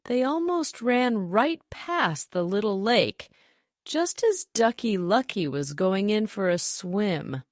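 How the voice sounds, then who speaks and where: A woman reading a fable aloud for English learners, slow, clear and expressive. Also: mid-range voice, no room sound, clean studio sound. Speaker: storyteller.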